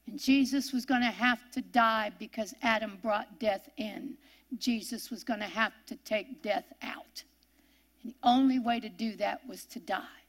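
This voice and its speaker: Slow, deliberate woman Bible teacher. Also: a little high, a bit bright. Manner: slow, deliberate, reading scripture phrase by phrase. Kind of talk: sermon.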